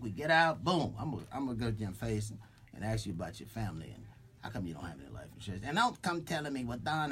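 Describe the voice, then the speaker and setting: A man's voice: medium pitch, husky. A man hosting a live radio talk show from a studio microphone, thanking a guest and laughing between words. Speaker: radio host.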